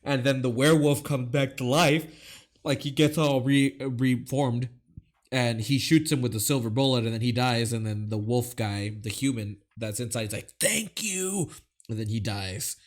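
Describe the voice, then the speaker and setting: A man co-hosting a casual movie review podcast, hesitant and rambling. He fills his thoughts with many fillers and restarts. His voice sits at an ordinary pitch for a man. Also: flat delivery, normal speed. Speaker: podcast co-host.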